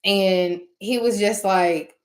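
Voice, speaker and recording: A woman hosting her channel, chatting casually with viewers about spiritual matters. She tells stories in an animated way and acts out her own reactions. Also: medium pitch, slow pace. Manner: uses casual slang, talks directly to listeners. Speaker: channel host talking to viewers.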